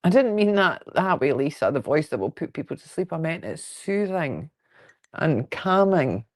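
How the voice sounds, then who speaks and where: Her voice is low-pitched and expressive, moving a little fast, as this woman with a Fife Scottish accent chats on a quilting livestream from home. She's frank and casual, rambling and cracking jokes while responding to viewer comments indoors.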